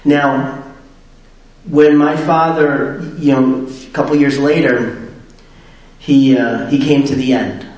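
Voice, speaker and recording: A man's voice: medium pitch, steady tone, slow, long pauses, darkish tone. A middle-aged man telling a candid personal recovery story, self-mocking and laughing at himself. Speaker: speaker sharing recovery story. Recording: very echoey room, distant mic.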